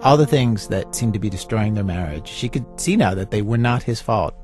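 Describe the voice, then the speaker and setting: Low-voiced man telling a story. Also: lively intonation, fairly quick, darkish tone, faint music behind. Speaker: radio host. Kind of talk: narrated radio storytelling with interview.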